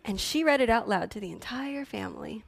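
Woman pastor, slightly high-pitched, earnest sermon delivery with impassioned peaks. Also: lively intonation, fairly quick, gravelly. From Philippines heritage. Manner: earnest storytelling, rising to impassioned preaching.

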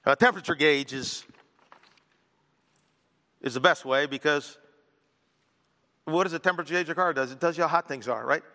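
A man's voice: fairly high pitch, moderate pace, pauses often, bright, forceful tone, long reverb tail. A male pastor preaching a sermon in a casual, conversational way, with joking asides.

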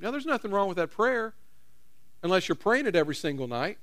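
Middle-aged pastor, high voice, chatty sermon style, talks straight to the pews. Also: male voice, very animated, fairly quick, fairly bright tone. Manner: conversational, repeats phrases, questions the audience. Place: church.

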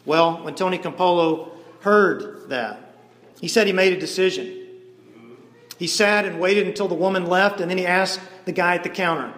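A man preaching a sermon as an animated storyteller, voicing each character as he goes. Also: sits high, normal speed. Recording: echoey hall with long reverb.

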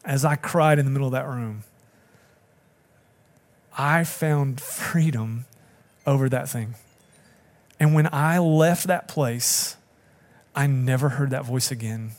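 A man's voice: mid-range voice, darkish tone. A middle-aged man preaching a sermon, earnest and building to emphatic appeals to the congregation. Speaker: pastor.

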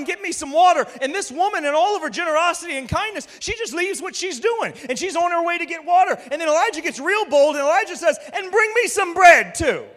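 A male preacher delivering a sermon emphatically, often raising his voice to a shout. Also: very high-pitched. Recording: reverberant hall.

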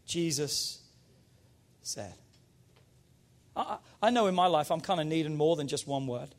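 A man preaching a sermon as pastor, energetic and emphatic, urging his congregation on. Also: fairly high pitch, moderate pace.

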